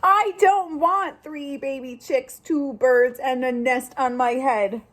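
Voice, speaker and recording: A woman's voice: high-pitched, slow, fairly bright tone, heavily acted. A woman voicing a worried, fussy male elephant in a storybook read-aloud, talking in an anxious, complaining way.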